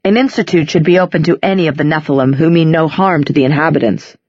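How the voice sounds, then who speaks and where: A woman reading an audiobook, voicing a calm, reflective middle-aged man with a slow, solemn delivery, in a slightly dull recording. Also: low-pitched, dry recording. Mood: grave.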